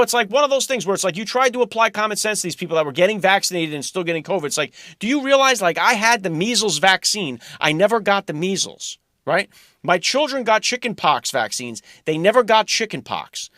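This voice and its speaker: Blunt, sarcastic male host, high voice, dry close sound. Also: animated, fairly quick, bright, forceful tone, no room sound. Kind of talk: opinionated talk show monologue.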